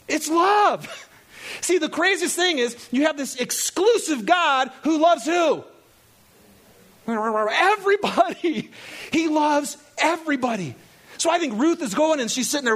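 A man preaching a lively sermon, laughing often and acting out the people in the story. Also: high voice, moderate pace, slightly rough. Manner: animated, laughing, acts out quoted characters. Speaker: pastor.

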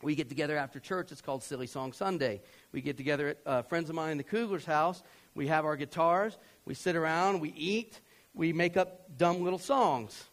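A middle-aged male pastor telling a story in a sermon, conversational and self-deprecating, who keeps checking in with his listeners and swings from loud outbursts to quiet confession. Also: fairly high pitch, brisk.

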